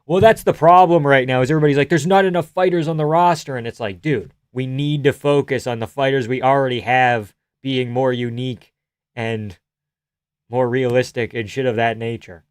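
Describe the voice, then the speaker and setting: A man's voice: mid-range voice, fairly even intonation, moderate pace, clean tone, no room sound. Profane, rambling male streamer, dry sound. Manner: loose, profane, rambling with frequent laughs. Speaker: streamer reading chat. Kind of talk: casual live-stream commentary.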